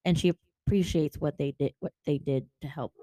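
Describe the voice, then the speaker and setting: Casting: woman co-host, lowish voice, animated and profane book chatter, dry close sound. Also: a little fast, no room sound. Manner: animated, swears freely, acts out characters' lines. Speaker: podcast co-host. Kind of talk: casual book discussion.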